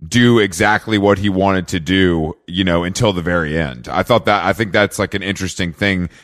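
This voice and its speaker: Hesitant podcast host, dry sound. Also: male voice, sits low, fairly bright tone, no room sound. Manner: hesitant, halting, with many restarts. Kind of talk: casual podcast chat.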